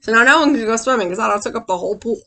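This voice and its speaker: A woman teacher reading a picture book aloud to children in an animated way, stopping to ask them questions. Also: on the high side, rapid-fire.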